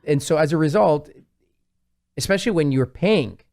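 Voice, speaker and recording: A man, a plastic surgeon, chatting on a talk show and telling patient stories in an animated way, acting out what his patients said. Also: a little high, moderate pace, creaky. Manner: animated storyteller, quotes patients in lively voices. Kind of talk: casual talk-show conversation.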